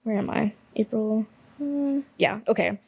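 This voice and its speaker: A woman's voice: on the high side, measured pace, creaky, breathy edge. Rambling, chatty woman podcaster from Alabama. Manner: rambling, chatty, self-correcting. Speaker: podcast host. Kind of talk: casual solo podcast monologue.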